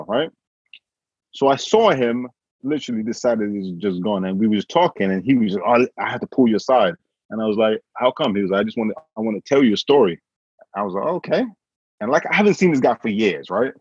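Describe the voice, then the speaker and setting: A man from England telling a story in a casual conversation, animated, acting out what others said. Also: lowish voice, fast talker, breathy edge, no room sound. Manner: animated, quotes others with voice changes. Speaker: guest. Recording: dull, dry sound.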